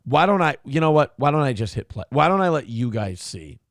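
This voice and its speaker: Male morning show host, profane ranter, lively swinging pitch, close dry mic. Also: brisk, no echo. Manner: profane, exasperated, ranting. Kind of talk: casual talk show rant.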